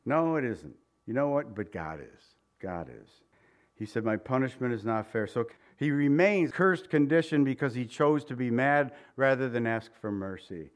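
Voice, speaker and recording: Man preaching with big swings in loudness. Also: mid-range voice, normal speed, few pauses. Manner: dynamic preaching, swings from loud emphasis to soft near-whisper; conversational, direct questions to the congregation. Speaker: pastor. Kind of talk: sermon.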